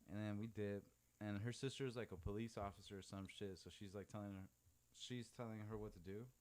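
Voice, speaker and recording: Young man, guest on a chat podcast, fairly low voice, loose and profane, lots of "like". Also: steady tone, brisk, darkish tone, a little hiss or hum. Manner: profane, heavy use of "like" filler. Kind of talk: casual storytelling chat.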